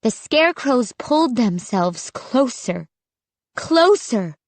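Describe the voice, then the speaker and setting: A woman reading a spooky children's audiobook in measured, suspenseful scripted narration. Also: a little high, lively intonation, dry recording.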